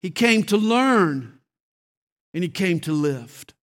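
High-voiced preacher telling stories dramatically. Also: male voice, animated, takes it slowly. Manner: dramatic storytelling, shifting tempo. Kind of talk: Christmas sermon.

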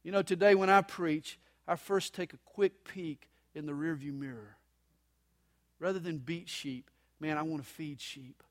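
A man preaching a sermon at a live church service, dramatic, moving between loud emphasis and soft, hushed lines. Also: a little high, fairly even intonation, a little slow. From United States. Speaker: pastor.

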